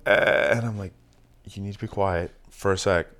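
A man hosting a casual chat, telling a long story in a swearing, animated way. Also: low voice, normal speed. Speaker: podcast host.

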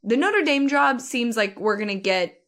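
A woman co-hosting a casual sports talk show, chatty and quick to laugh. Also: on the high side, animated, fairly bright tone. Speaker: sports podcast co-host. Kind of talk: casual chat.

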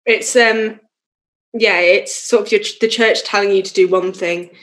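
A woman's voice: mid-range voice, steady tone, moderate pace, fairly bright tone. Chatty young woman musician. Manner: chatty, laughs often, many fillers. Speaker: musician guest. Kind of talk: casual interview chat.

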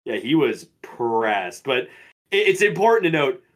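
A man's voice: mid-range voice, measured pace. A man in his twenties co-hosting a podcast, telling school stories in casual chat, swearing freely and acting out the people in them. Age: 20s. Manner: profane, animated, mimics people in stories. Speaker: podcast co-host.

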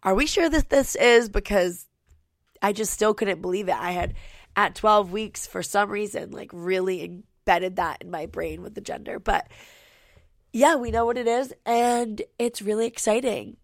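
A young woman in her twenties hosting a podcast from her home studio, rambling in a friendly, filler-heavy way. Her voice has a noticeable vocal fry and a slightly stuffy nose. The sound is dry and close, with no room echo. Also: mid-range voice, steady tone, measured pace. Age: 20s. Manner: chatty, lots of "like" fillers. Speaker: podcast host. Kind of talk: casual podcast chat.

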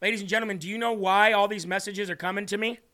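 A man's voice: high voice, fairly even intonation, fast talker, pushed and bright. A man hosting a faith podcast, reading viewer comments aloud in an earnest, emotional way and tearing up. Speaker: podcast host.

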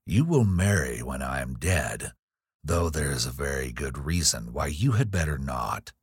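A man voicing a dying, malicious old nobleman who speaks slowly in a menacing half-whisper. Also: very deep voice, very animated, slightly rough, dry recording, studio quality, pitched below the performer's own voice, heavily acted. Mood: sneering. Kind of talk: audiobook reading.

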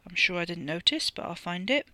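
A cocky, sardonic bloke, voiced by the author, muttering in a British accent. He sits just a touch above the narration. The recording is bright and dry. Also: medium pitch, lively intonation, fairly quick, dry recording. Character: cocky, gruff working-class man.

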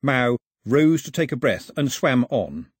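A man narrates an audiobook in a husky, expressive voice. His pitch rises and falls with the action, and the recording is close and dry. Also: a little slow, no room sound. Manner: expressive storytelling.

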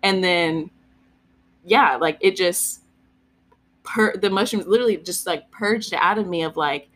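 A woman's voice: fairly low pitch, unhurried, fairly bright tone. A woman co-hosting a podcast, telling a personal story in candid casual chat, peppered with "like". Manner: candid storytelling, heavy use of "like", swearing.

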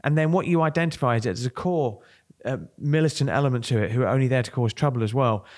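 A middle-aged man co-hosts a podcast in a quick, brisk way. He rattles along at speed, filling his pauses with ums and uhs, at a middle pitch. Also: a little mellow. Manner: brisk, filler-heavy, with frequent ums and uhs. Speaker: podcast co-host. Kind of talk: casual political chat.

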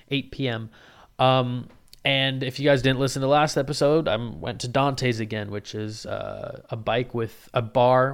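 A man hosting a podcast, telling a rambling, profane and excitable story about an open mic. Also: medium pitch, clean tone. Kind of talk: casual podcast monologue.

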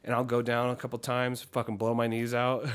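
Joking man co-host on a casual podcast, swears easily, quick to laugh. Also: medium pitch, monotone, smooth. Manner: loose and joking, swears freely, laughs often. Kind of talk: casual chat.

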